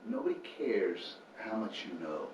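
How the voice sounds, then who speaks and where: Low-voiced man telling a faith story. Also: measured pace, highs cut off. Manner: animated storyteller, acts out quotes. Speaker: founder of a homeless ministry, guest. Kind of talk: earnest faith storytelling in an interview. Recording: roomy room, distant mic, faint noise.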